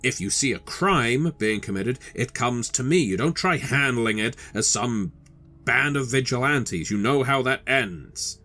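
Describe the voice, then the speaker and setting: A man's voice: sits low, unhurried, fairly bright tone. A man playing an angry middle-aged suburban husband, scolding his wife over the phone and stumbling when he plans his next move. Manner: scolding, exasperated, hesitant when planning.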